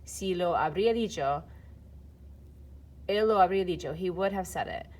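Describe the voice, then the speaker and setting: A woman's voice: lowish voice, normal speed, darkish tone. A woman teaching Spanish grammar, explaining step by step in a casual way with fillers, while filming and typing. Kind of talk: recorded lesson walkthrough.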